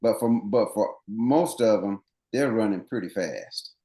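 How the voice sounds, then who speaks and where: A man's voice: on the low side, unhurried, mellow, roomy sound. A man running coach, interviewed as a guest on a podcast, explaining things earnestly at length with many restarts.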